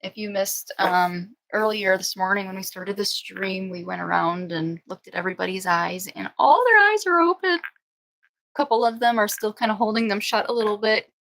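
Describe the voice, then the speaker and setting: A woman chats casually on a live stream from her home, loose and rambling, full of fillers and quick restarts. She talks like a dog breeder hosting for her viewers. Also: level tone, gravelly, fairly bright tone, rough recording. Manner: chatty, coos in high baby talk to puppies. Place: indoors at home.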